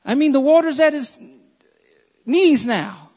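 High-voiced woman preaching in an echoing hall. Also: expressive, unhurried, mellow. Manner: impassioned, repeats lines for emphasis. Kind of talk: sermon. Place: large church hall. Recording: dull recording in echoing hall.

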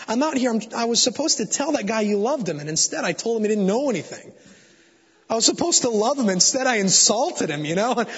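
A man's voice: high voice, fairly bright tone, slightly rough. A man preaching a sermon to a congregation, telling an earnest, confessional story and building to fervent exhortation. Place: church sanctuary before a congregation. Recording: dull sound with long hall reverb.

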